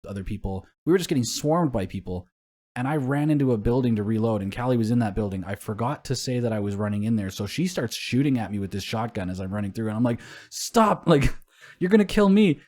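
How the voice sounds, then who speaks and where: A young man co-hosting a casual gaming podcast, talking in a relaxed, rambling way with frequent swearing. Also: on the low side, fast talker. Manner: relaxed and rambling, swears often, laughs along. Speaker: podcast co-host.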